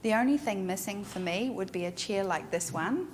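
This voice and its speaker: Frank, animated middle-aged woman leading a studio workshop; echoey hall sound, faint noise. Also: mid-range voice, moderate pace. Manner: frank, emphatic, animated storyteller. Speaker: photographer teaching a workshop. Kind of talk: instructional talk to a class. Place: photo studio.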